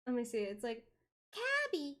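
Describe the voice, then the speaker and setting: A playful woman streamer chatting on a live stream, her voice bouncing up and down in a lively way. She sits slightly higher than most women and throws in the odd swear word. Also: normal speed. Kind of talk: casual chat on a live stream.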